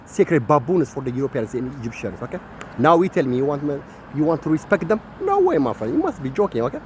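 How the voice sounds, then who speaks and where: A man from the Horn of Africa, giving a rambling ranting monologue that keeps repeating "my friend" and swings between loud and soft. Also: fairly high pitch, lively intonation, fast, a little hiss or hum.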